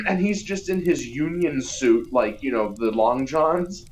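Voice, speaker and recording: A woman speaking in an unhurried, drawn-out way and chatting casually as a podcast co-host. Her voice sits a little low for a woman, and she fills her talk with "like" and swears freely. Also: expressive, darkish tone, slight background noise, poor audio. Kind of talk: casual movie recap chat.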